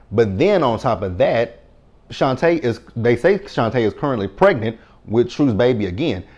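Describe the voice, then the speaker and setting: A man hosting a casual recap, chatty and quick to laugh, swearing freely. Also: mid-range voice, darkish tone, muffled recording. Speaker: recap host.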